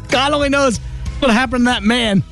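A man's voice: very high-pitched, fairly bright tone. A male radio host telling a casual story and acting out the voices of his family. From New Jersey.

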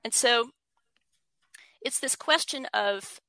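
Bright-voiced woman explaining earnestly. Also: on the high side, slow pace, no room sound, low-quality recording. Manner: earnest, frequent restarts, reads quotes aloud. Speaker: writer, interview guest. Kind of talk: thoughtful conversational explanation.

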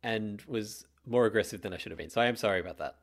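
A man's voice: on the low side, quick pace. A young man co-hosting a podcast in casual chat, exhausted, talking in a dry, blunt, wry way. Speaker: podcast co-host.

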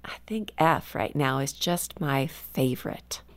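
A woman author as a guest on a faith interview show, telling stories in an earnest, reflective way and slowing down for emphasis. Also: very deep voice, expressive, whispered. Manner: earnest, storytelling, slows down for emphasis. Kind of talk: conversational radio interview.

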